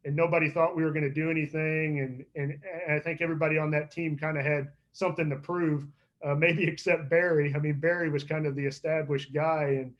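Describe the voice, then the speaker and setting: A man's voice: fairly high pitch, little pitch movement, a little fast. Chuckling middle-aged man on a lo-fi call. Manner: rambling, with frequent chuckles and restarts. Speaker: former pitcher, guest. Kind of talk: casual storytelling interview.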